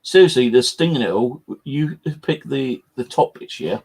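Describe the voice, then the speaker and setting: A man's voice: medium pitch, unhurried, creaky, a little mellow, slightly rough. A man hosting a live stream, chatting casually and rambling with frequent swearing and fillers. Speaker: channel host.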